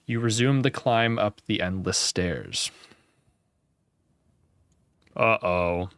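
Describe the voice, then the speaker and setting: Young male gamebook reader: low voice, dry close sound, casual and wry. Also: slow, a bit bright, clean tone, dry recording. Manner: casual, wry, swears and laughs at his own slips. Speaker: gamebook player and channel host. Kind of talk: reading a gamebook aloud with casual commentary.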